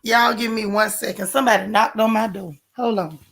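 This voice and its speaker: A woman hosting a casual morning livestream, chatting in a colloquial way and greeting viewers one by one by name. Her voice is a little hoarse as it recovers. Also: mid-range voice, steady tone, brisk, a bit bright. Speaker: livestream host.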